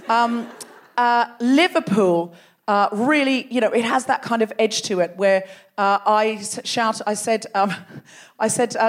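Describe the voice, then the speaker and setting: A woman hosting a comedy podcast live on a theatre stage, teasing the audience in animated crowd work. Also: mid-range voice, normal speed, few pauses. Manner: teasing, animated, laughing between jokes. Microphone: stage microphone.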